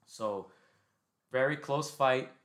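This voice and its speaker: A man's voice: mid-range voice, takes it slowly, fairly bright tone. A man co-hosting a casual boxing podcast, recounting a fight blow by blow and checking in with "right?". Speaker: podcast co-host.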